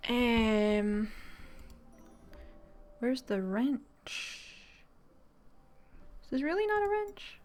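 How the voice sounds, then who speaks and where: A woman's voice: on the high side, very animated, very slow, pauses often, darkish tone, soft background music. Chatty woman playing a game. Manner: chatty, many "like" fillers, reads dialogue aloud. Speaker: game streamer. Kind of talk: casual game commentary.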